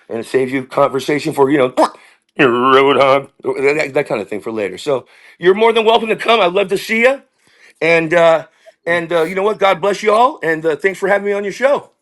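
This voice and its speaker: A middle-aged man, a comedian, telling rambling stories in an animated way and dropping into voices. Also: on the high side, brisk. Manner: rambling, jumps into impressions and character voices. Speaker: comedian guest.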